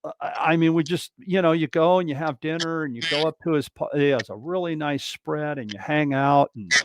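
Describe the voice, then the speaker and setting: A man hosting a casual drummers' chat, telling stories in an animated way with many restarts. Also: on the high side, a little fast, very noisy. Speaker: host, drummer.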